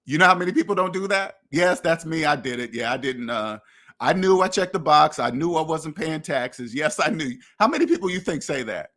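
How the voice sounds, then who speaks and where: A man hosting a finance podcast speaks briskly in a somewhat high, animated voice with a fairly bright tone. In his casual monologue he preaches bluntly, acts out imagined exchanges, and drops the occasional swear word.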